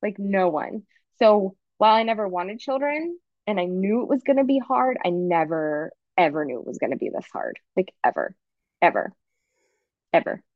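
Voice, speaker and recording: A woman's voice: mid-range voice, sing-song, moderate pace, no echo, highs cut off. A woman in her thirties, a podcast guest, speaking candidly and emotionally in a rambling conversational way. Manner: frank, emotional, rambling with restarts.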